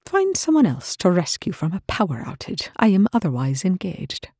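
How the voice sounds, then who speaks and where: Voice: mid-range voice, huge pitch swings, normal speed, darkish tone, slightly rough, dry recording, voice pushed up, full character voice. A reader voicing a dry-witted, haughty male mathematician who talks in cutting, sardonic remarks, often in a harsh whisper.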